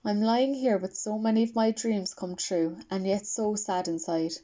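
A woman reading an audiobook as first-person narration, quiet, reflective and wistful, on a dull lo-fi recording. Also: mid-range voice, fairly even intonation, normal speed.

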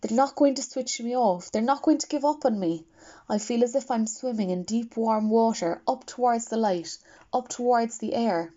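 A woman reading an audiobook as first-person narration, quiet, reflective and wistful, on a dull lo-fi recording. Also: on the high side, normal speed.

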